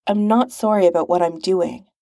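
A woman reading a composed, sincere male agent who speaks in a measured, formal way. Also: lowish voice, dark tone, no echo, studio quality, natural voice.

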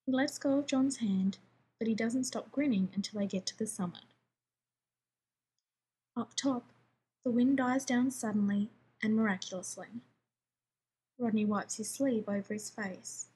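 A woman reading a story aloud as scripted narration, in a steady, even storytelling manner. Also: fairly high pitch, a little slow, pauses often, husky. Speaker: story reader.

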